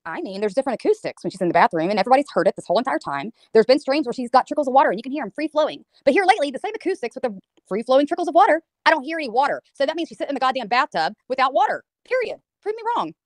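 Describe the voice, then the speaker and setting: A woman ranting on a livestream, swearing and mocking someone, slipping into high sing-song impressions. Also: expressive, dry recording. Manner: profane, mocking, fast ranting. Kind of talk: heated livestream rant.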